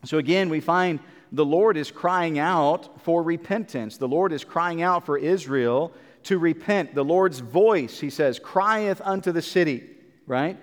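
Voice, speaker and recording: A man's voice: a little high, a little slow, long reverb tail. A man preaching a Bible sermon in an earnest, repetitive way, with many fillers and restarts.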